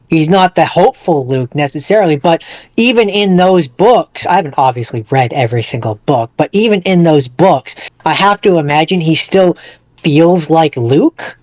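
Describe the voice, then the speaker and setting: A man's voice: fairly high pitch, darkish tone, dry recording. A man co-hosting a podcast in casual chat, who makes his points emphatically and repeats them. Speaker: podcast co-host.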